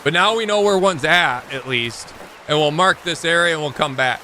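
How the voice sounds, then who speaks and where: Bright-voiced man chatting while gaming. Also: on the high side, normal speed, slight background noise. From Michigan. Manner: rambling, talks to chat while playing. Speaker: streamer. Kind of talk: casual livestream gaming chat.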